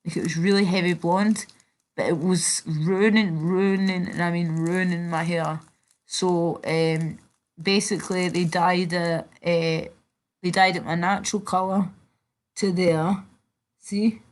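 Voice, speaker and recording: Young British woman, casual live-stream chatter, lower register, loose and sweary. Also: steady tone, unhurried. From Britain. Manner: chatty, sweary, reads and answers chat. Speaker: livestreamer.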